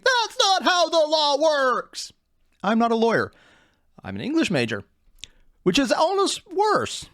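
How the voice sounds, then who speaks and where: Recorded at studio quality with no echo, a medium-pitched man hosts a reaction video. His talk is casual, animated and sarcastic, packed with rambling digressions, self-deprecating jokes and constant swearing.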